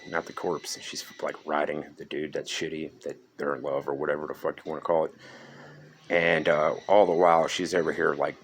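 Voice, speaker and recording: A man's voice: low voice, slight background noise. A young man casually ranting through a horror movie review, profane, sarcastic and exasperated.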